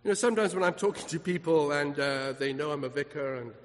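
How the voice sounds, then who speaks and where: A man's voice: on the high side, fast. A man preaching a sermon as a vicar, emphatic, asking the congregation rhetorical questions. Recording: long hall reverb.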